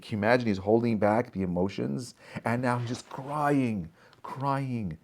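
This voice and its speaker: A man of ordinary middle pitch gives a short inspirational Torah talk as a rabbi. He tells the story with animation, throws rhetorical questions at his listeners and keeps checking in with "right?" and "okay?". The sound is that of a video call. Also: a little slow, darkish tone. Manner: peppers speech with "right?" and "okay?".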